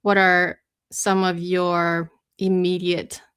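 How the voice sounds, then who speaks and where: Chatty woman host, lowish voice. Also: flat delivery, slow pace, fairly bright tone, smooth. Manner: chatty, many fillers and restarts. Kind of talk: live luxury talk show chat.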